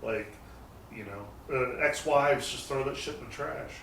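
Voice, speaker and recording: A man's voice: medium pitch, a little slow, vocal fry, a bit bright. A man talking casually as a guest, telling rambling stories about his garage shop with the odd curse word. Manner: rambling anecdotes with mild swearing. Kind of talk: casual storytelling chat. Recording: echoey garage, distant mic, faint noise.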